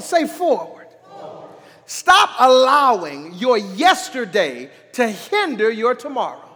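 A man preaching a sermon as pastor, calling on the congregation to answer back and swinging between quiet talk and shouting. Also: very high-pitched, long reverb tail.

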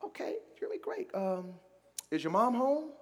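Brief: pastor voicing a puzzled telemarketer, hesitant and polite, reverberant hall. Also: male voice, extremely high pitch, wildly swooping pitch, a little slow, darkish tone, heavily acted. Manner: hesitant, polite, lots of ums. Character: puzzled adult male telemarketer.

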